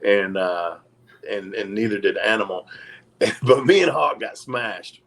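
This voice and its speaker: A man's voice: lowish voice, unhurried, gravelly, fairly bright tone, poor audio. Laid-back middle-aged man telling stories. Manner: profane, laid-back, chuckling between stories. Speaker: podcast guest, retired pro wrestler. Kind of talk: casual storytelling.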